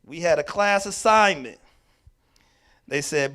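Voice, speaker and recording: A man's voice: fairly high pitch, a little slow. A man giving a mental health workshop talk at a church, telling stories with emphasis and acting out the lines of the people in them. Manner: animated storyteller who acts out quoted dialogue; emphatic, repeats key words. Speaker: workshop speaker.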